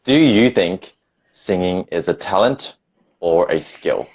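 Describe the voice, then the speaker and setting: A man with an Australian accent hosting an interview, relaxed and encouraging. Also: sits low, slow pace, muffled recording. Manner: relaxed, encouraging, laughs easily. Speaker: host. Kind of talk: casual interview chat.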